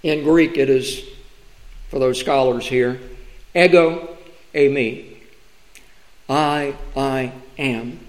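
A man preaching a sermon from the pulpit in a slow, deliberate way, pausing for emphasis. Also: mid-range voice, fairly even intonation, a little mellow, roomy sound, poor audio. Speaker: pastor. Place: church sanctuary.

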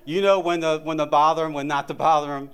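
A man's voice: fairly high pitch, fairly even intonation, fast, a bit bright, clean tone. Middle-aged man preaching, chatty and repetitive. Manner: conversational, repeats words often. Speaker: married man giving a church talk. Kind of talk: informal sermon testimony.

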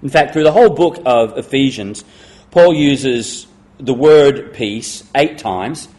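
Middle-aged male pastor, emphatic sermon delivery, mid-range voice, hushed stress on key words. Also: mid-range voice. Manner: emphatic, slows and drops to a hush on key words.

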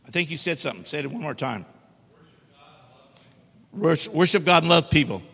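A man's voice: on the high side, lively intonation, a little fast, creaky, fairly bright tone, slightly rough. A middle-aged man preaching a sermon in a church, emphatic and joking with the congregation. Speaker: guest preacher. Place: church sanctuary. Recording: echoey church hall reverb.

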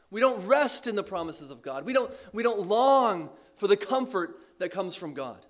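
Here a man, a pastor, preaches with sincere force. Key lines get repeated, his tone dips downward at their ends, and a light chuckle surfaces from time to time.

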